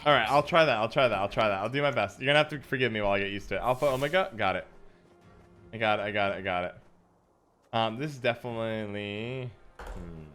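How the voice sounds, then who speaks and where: A man's voice: on the low side, fast, fairly bright tone, soft background music. A man livestreaming a card game, chatting casually with his viewers in a musing, self-deprecating way. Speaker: streamer. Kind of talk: casual livestream chat while gaming.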